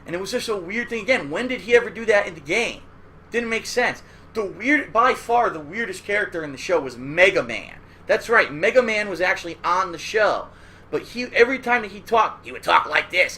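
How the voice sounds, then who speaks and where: High, bright-voiced man ranting casually. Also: animated, a little fast, slight background noise. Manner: rambling, profane, keeps tagging "all right?". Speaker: host. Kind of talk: casual retrospective commentary.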